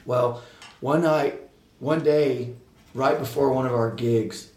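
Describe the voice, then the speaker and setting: A man telling stories in casual chat, rambling with halting restarts and laughing as he goes. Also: mid-range voice, steady tone, a little mellow, reverberant, distant mic. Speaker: guest musician telling stories.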